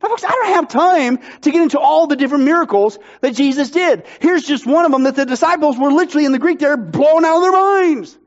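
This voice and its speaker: High-voiced energetic preaching man. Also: quick pace, hardly any pauses. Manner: energetic, emphatic, jokey. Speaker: pastor. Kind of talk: sermon. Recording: dull lo-fi sound.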